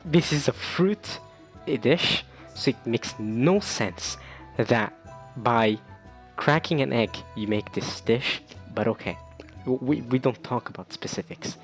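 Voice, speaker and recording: Brief: young male gamer, casual let's-play commentary, mid-range voice, excitable and tripping over his words. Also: mid-range voice, slow, soft background music. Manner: excitable, stammering and repeating himself. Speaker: gaming video creator.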